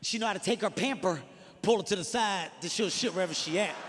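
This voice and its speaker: A man's voice: high voice, fast, big-room sound, background noise, lightly acted. A man doing an offhand, unbothered young dad. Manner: offhand, matter-of-fact.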